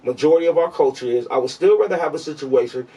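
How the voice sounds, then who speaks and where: Laid-back husky man debating. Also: a little high, mellow, far from the mic, lo-fi sound. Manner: laid-back, swearing, argues in quick bursts. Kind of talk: casual debate chat.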